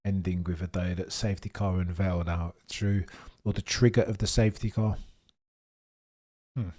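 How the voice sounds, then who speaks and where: A man's voice: deep voice, normal speed. A man hosting a live watchalong stream, rambling and joking as he chats with viewers, sometimes eating as he talks. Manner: rambling, jokey, excitable, talks to chat; eating while talking. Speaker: livestream host.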